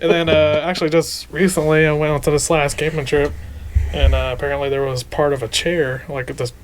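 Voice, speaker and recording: A man's voice: a little high, level tone, a little fast, a crowd in the background. A man co-hosting a casual podcast, telling a story with lots of swearing and laughter and acting out the quotes. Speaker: podcast co-host.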